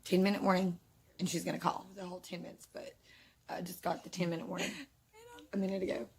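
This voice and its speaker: A woman's voice: fairly low pitch, little pitch movement, fast talker, vocal fry, slight background noise. A woman vlogging casually to her viewers, nervous and flustered, rambling with lots of fillers. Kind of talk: casual vlog talk to camera.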